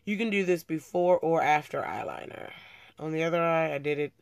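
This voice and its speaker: A woman's voice: low voice, brisk, gravelly. A young woman chatting casually through a makeup tutorial, talking as she works and often correcting herself. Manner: chatty, talks while working, frequent self-corrections. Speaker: beauty vlogger.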